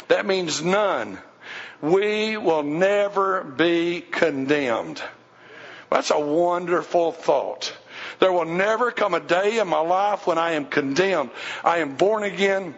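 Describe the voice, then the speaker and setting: A man's voice: a little high, lively intonation, unhurried, a bit bright. Emphatic preaching man in a reverberant church. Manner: emphatic preaching, repeats phrases, asks congregation to respond. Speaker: pastor. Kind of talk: sermon. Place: church sanctuary. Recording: dull sound with long hall reverb.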